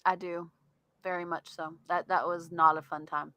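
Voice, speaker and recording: A woman's voice: on the low side, little pitch movement, normal speed, a bit bright, no echo. A woman with a Southern US accent, co-hosting a podcast in casual chat, chatty and laughing often. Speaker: podcast co-host. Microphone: studio mic.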